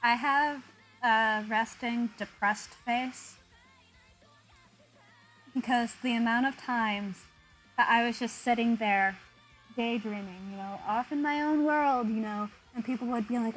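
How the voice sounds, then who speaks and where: A woman's voice: fairly high pitch, steady tone, a little slow, a bit bright, soft background music, low-quality recording. Chatty young woman streamer, laughing. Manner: chatty, self-deprecating, laughs often. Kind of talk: casual chat with viewers while drawing.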